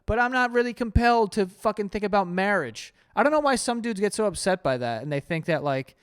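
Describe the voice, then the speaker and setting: A man's voice: sits high, animated, brisk, clean tone. A man reacting to dating advice in a loose, crude, joking way, often laughing and doing mock voices. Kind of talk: casual reaction commentary.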